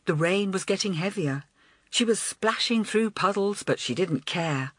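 A woman narrates a children's storybook with lively, rising and falling delivery. She reads expressively at a middle pitch. The recording is close and dry. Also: a little slow, no echo. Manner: expressive, animated. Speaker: audiobook narrator.

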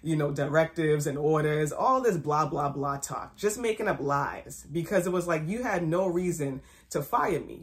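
A young woman, host of her own fashion blog, telling a personal story to camera with emphatic repetition and acted-out quotes. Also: low-pitched. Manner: emphatic, repeats phrases for effect.

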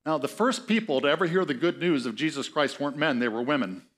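A man's voice: fairly high pitch, quick pace, hardly any pauses, a bit bright. Conversational male pastor preaching. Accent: Upper Midwest American. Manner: conversational, reads scripture aloud with asides and chuckles. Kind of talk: sermon.

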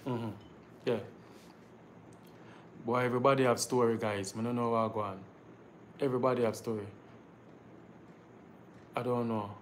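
A man's voice: mid-range voice, a little hiss or hum. A Jamaican man hosting a live stream, chatting casually in patois and telling stories to his viewers. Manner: animated storytelling in patois, addresses viewers as guys. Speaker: live show host.

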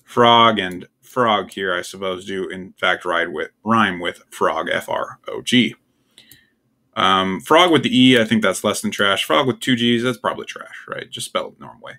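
Gravelly, bright-toned young man ranking words. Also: sits low, moderate pace. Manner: offhand, puzzled, wry asides. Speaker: tier list video host. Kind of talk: casual solo commentary.

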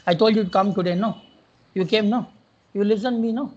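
A man's voice: high voice, brisk, darkish tone, highs cut off. A man with an Indian English accent teaching a class as a trainer, scolding and exasperated, repeating his questions again and again. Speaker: technical trainer. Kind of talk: classroom lecture.

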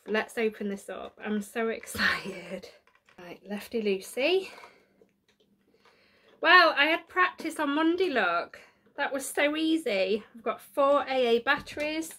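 A YouTuber chats through an unboxing vlog in a room at home, getting emotional and tearful while laughing at herself. Her voice is a little high with a sharp tone.

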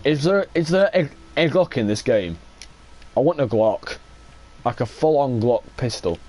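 A young man giving excitable, sweary live commentary while playing a shooter game. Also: mid-range voice, a little slow. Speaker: gaming streamer.

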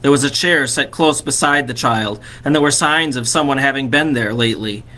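A man, a vicar, reading a classic story aloud expressively and slowing on key phrases. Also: mid-range voice, bright, forceful tone.

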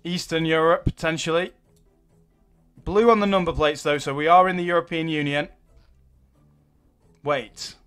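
A young man giving excitable live gameplay commentary as a gaming YouTuber, swearing and exclaiming when things go wrong. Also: a little high, moderate pace, pauses often, soft background music.

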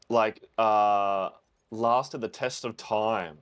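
A man's voice: fairly low pitch, fairly even intonation, slow pace, fairly bright tone, clear, resonant tone. A young man, chatting and exclaiming as he reacts to a film for the first time. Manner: chatty, exclaims and thinks aloud. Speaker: reaction video host. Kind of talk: casual film reaction commentary.

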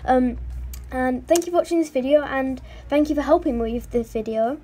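A woman's voice: sits high, moderate pace, dark tone, a little hiss or hum. A woman hosting a casual game commentary, giggling, teasing and chattering playfully to the characters on screen. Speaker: gaming channel host.

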